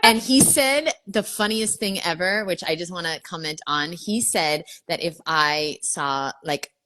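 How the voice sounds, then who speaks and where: Guest spot: brash, blunt woman from New York, lowish voice, swears a lot. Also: unhurried, background noise. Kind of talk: casual video chat.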